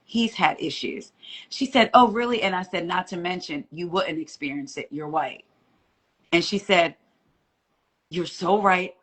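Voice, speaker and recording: A woman telling a story on a live stream as a guest courtroom reporter, animated and acting out the voices of the people she quotes. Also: fairly low pitch, normal speed, husky.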